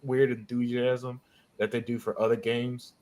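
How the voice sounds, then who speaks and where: A man's voice: medium pitch, little pitch movement, unhurried, a little mellow. A man in a casual gaming chat who stammers and repeats his words.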